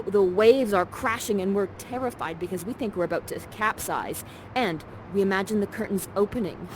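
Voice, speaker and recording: A woman leads her scene partner with playful chatter and warm encouragement, speaking at an everyday pitch. She is in a ground-floor rental with the door open, and street noise comes in clearly behind her. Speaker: actor and guide of a live virtual theater session. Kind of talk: interactive theater hosting.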